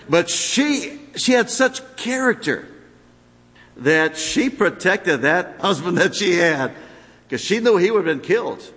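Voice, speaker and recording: Lively high-voiced pastor, echoing hall. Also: male voice. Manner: animated preaching with sudden drops to quiet asides. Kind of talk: sermon. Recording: long hall reverb.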